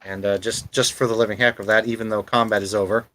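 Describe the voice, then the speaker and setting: A man narrates a tabletop game as its game master. He talks in a relaxed, halting way, often pausing on fillers and restarting his sentences. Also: lowish voice, low-quality recording.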